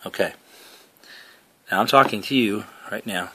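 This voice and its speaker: Low-voiced man casually explaining game settings. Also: unhurried, sharp tone, slight background noise. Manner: explains step by step, repeats points, many fillers. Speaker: gaming headset reviewer. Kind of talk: casual tutorial talk to camera.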